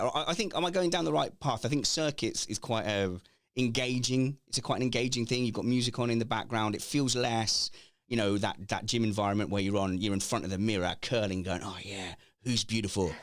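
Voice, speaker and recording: A man's voice: medium pitch, dry recording, clean studio sound. A middle-aged man hosting a casual chat from home, rambling and joking with plenty of restarts. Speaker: podcast host. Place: home, remote call.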